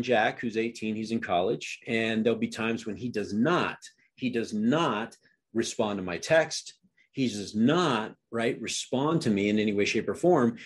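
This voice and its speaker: Man, middle-aged, podcast coach, emphatic, questioning, breathy voice. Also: lowish voice. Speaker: real estate coach.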